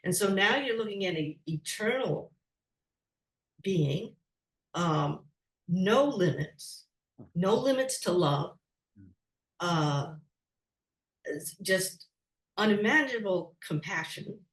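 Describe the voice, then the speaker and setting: A woman speaks slowly and gently as a guest on a spiritual talk show, choosing her words with care. She sits some way from the microphone in a room with an audible echo. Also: medium pitch, lively intonation. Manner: slow, gentle, measured. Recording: echoey, distant from the mic.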